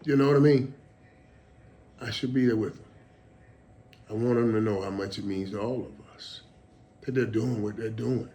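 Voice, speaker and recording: A man's voice: lowish voice, normal speed, long pauses, warm tone, a little hiss or hum. Emotional rambling man, casual talk. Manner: emotional, rambling, repeats words. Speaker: show host.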